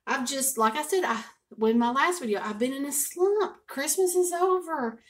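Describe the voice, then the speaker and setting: An older woman, a home cooking vlogger chatting and telling a family story to camera in a folksy, expressive way. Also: sits high, normal speed.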